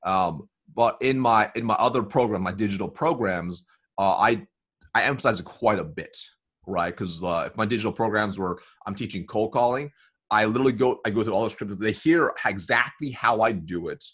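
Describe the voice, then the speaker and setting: Energetic man coaching on sales calls. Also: on the low side, moderate pace, breathy edge. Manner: energetic, lots of "right?" and "you know". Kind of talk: conversational podcast interview.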